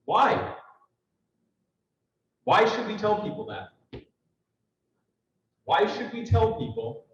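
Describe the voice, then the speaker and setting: A man's voice: high voice, a bit bright, slight background noise. Emphatic man speaking in an echoey hall. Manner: emphatic, acts out little dialogues, rhetorical questions. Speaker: political speaker. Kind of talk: persuasive speech to a party audience. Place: large room at a party convention. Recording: echoey hall, picked up from a distance, muffled.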